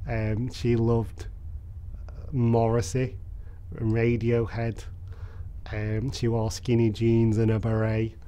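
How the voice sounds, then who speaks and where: A man, telling his own story candidly and reflectively in an interview, with frequent soft fillers. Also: medium pitch. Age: 30s.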